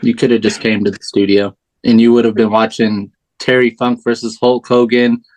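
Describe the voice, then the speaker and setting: A man's voice: mid-range voice, level tone, moderate pace, a little mellow. Upbeat male podcast host. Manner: upbeat, laughs often, tired from a late night. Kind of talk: casual chat.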